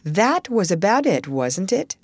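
Woman voicing kind fatherly gentleman, gentle, encouraging, lively pitch, dry close sound. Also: unhurried, breathy edge, dry recording, heavily acted.

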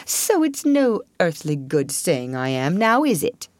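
A woman's voice: lowish voice, sing-song, unhurried, a little mellow, no room sound. A woman reading a storybook aloud and voicing a boastful, reckless male toad who speaks emphatically and defiantly. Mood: defiant, gushing.

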